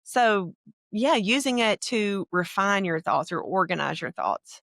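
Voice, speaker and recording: A woman's voice: mid-range voice, expressive, measured pace, gravelly, a bit bright, dry recording, clean studio sound. A middle-aged woman with a Southern American accent, a podcast guest talking frankly in casual conversation.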